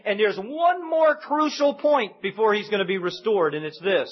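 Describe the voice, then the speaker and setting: A man's voice: high voice, normal speed, few pauses, breathy edge. A man preaching a sermon in a conversational way, acting out the voices in the stories he retells. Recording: dull lo-fi sound.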